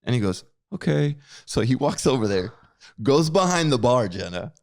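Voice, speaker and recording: His voice is mid-range and gravelly, at a moderate pace. As a podcast co-host spinning a casual story, he acts out quotes with energy and frequently repeats words.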